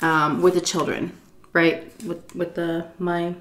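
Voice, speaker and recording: A woman's voice: fairly low pitch, level tone, takes it slowly, a bit bright. A woman vlogger telling a story while eating, tipsy from shots, rambling, swearing freely and laughing often. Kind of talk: casual storytime chat.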